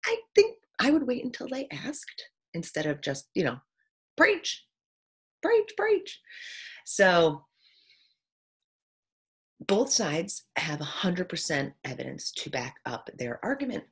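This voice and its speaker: A woman with a fairly low, husky voice talks through her views in an earnest, reflective monologue. She acts out quoted voices with sudden jumps in pitch. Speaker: teacher sharing opinions.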